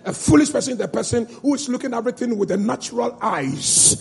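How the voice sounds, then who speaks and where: A man's voice: very high-pitched, expressive, quick pace, gravelly, few pauses, slightly rough. A male pastor preaching with fervor, in rhythmic repeated lines and calls to the congregation. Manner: fervent, rhythmic call-and-response preaching. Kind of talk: sermon.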